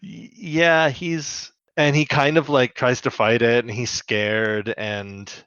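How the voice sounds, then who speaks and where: A man's voice: mid-range voice, fairly even intonation, takes it slowly, a bit bright, clear, resonant tone, no room sound. A man co-hosting a podcast, joking and laughing through a casual episode recap. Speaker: podcast co-host. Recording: dull lo-fi mic.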